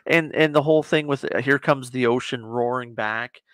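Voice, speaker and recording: A man, a guest on a casual reaction chat, rambling as he retells scenes and drops into quick quoted voices. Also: medium pitch, a bit bright, dry recording.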